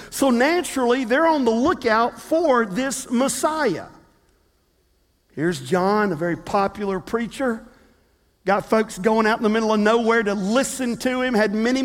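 A man preaching a sermon as a pastor, telling a story in a lively way with humorous asides. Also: extremely high pitch. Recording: long reverb of a large hall.

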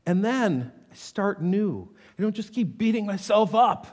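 Expressive pastor preaching in a reverberant hall. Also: male voice, sits high, a little slow. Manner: reads scripture aloud with dramatic intensity. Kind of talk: sermon.

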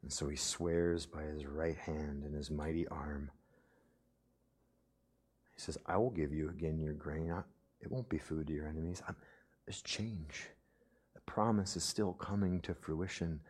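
A young adult male pastor preaching a sermon, swinging from emphatic outbursts to hushed, near-whispered passages, with conversational asides. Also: extremely low pitch, steady tone, moderate pace. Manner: conversational, with frequent "right?" asides.

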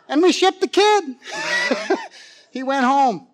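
A man with a high voice preaches a sermon and tells a story with real animation. He swings between loud, excited passages and quiet, pleading ones. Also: slow, pauses often.

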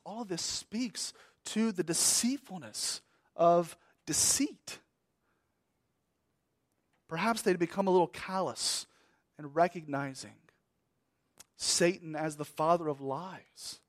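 A man preaching a sermon as pastor, repeating key words and swinging between emphatic raised passages and hushed, trailing phrases. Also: a little high, unhurried, dry recording, studio quality.

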